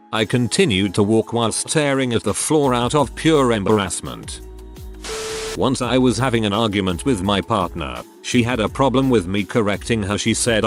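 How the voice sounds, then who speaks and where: A man narrating online anecdotes in a steady, scripted storytelling delivery. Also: on the low side. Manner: reads first-person anecdotes aloud in a steady storytelling delivery.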